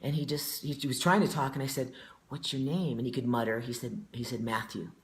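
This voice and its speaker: A man's voice: mid-range voice, fairly even intonation, fast, a little hiss or hum. A man in his forties, a stage performer telling stories in an interview with a heartfelt, earnest manner. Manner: heartfelt, earnest, emotionally open. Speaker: guest performer. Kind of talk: storytelling in an interview.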